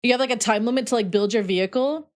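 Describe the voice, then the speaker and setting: Here a young adult woman streamer with a fairly high voice talks fast, spinning a rambling, chatty story during gameplay. She fills her speech with plenty of "like."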